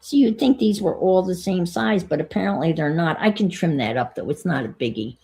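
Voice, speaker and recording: In her vlog, a woman chats casually while working on a craft, thinking aloud and recounting a story that clearly exasperates her. Her voice sits fairly low with a dark tone, and she talks a little quickly with lively intonation.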